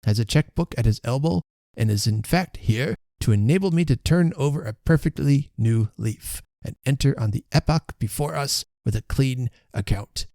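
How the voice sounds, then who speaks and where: A pompous, self-satisfied gentleman from a storybook reading, as a man puts him on. He lectures in a slow, oracular way with a mellow, low voice. The sound is dry and close. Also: dry recording, close to an everyday voice. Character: pompous rich older gentleman.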